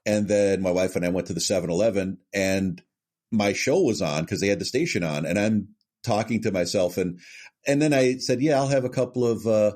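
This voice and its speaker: A man's voice: on the low side, fairly quick, a little mellow. A middle-aged man, a voice actor, chatting on a podcast and telling self-deprecating stories about his work. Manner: storytelling, self-deprecating, jumps into brief character voices. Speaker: voice actor guest. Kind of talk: casual podcast interview.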